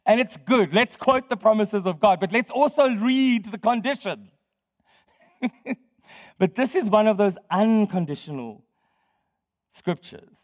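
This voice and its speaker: A man with a high voice delivers a sermon, chatting with his congregation, putting questions to them and laughing often. His voice rings with a long reverb, as though he is speaking in a large church hall. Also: darkish tone. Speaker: pastor.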